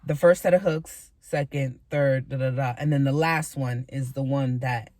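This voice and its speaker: A woman's voice: very deep voice, moderate pace, no echo. A woman giving a candid, casual weight-loss update, rambling frankly with lots of fillers and restarts. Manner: animated asides and repetition for emphasis.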